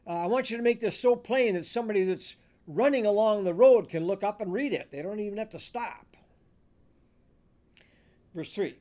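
A man preaching a sermon as pastor, reading scripture aloud with deliberate emphasis. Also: sits high, warm tone.

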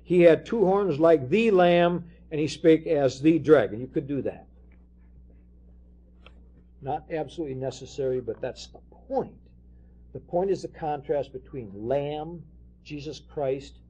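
A man's voice: on the high side, warm tone, husky. A man preaching a sermon, explaining scripture and reading verses aloud with emphasis.

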